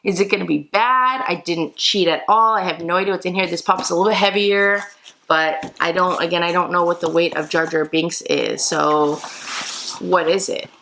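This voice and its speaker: A woman vlogger chatting excitedly to her viewers while opening mystery boxes for an unboxing video. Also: fairly low pitch, normal speed, a little hiss or hum, rough recording. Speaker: toy collector vlogger. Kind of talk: casual unboxing vlog.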